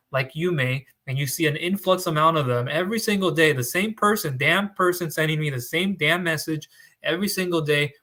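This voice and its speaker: A man's voice: a little high, bright, forceful tone. A man who works as a business loan broker, talking straight to his audience in an emphatic, repetitive, conversational way. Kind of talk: direct-to-camera advice talk.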